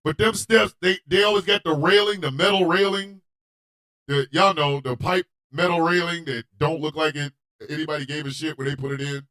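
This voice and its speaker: A man hosting a radio show, telling a comedic story in a loud, animated, profane way and often shouting. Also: on the high side, moderate pace.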